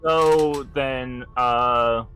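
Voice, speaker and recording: A man's voice: medium pitch, steady tone, extremely slow, bright, forceful tone, smooth, soft background music. Hesitant male tabletop player. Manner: hesitant, many fillers, describes spells loosely. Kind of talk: casual tabletop game play.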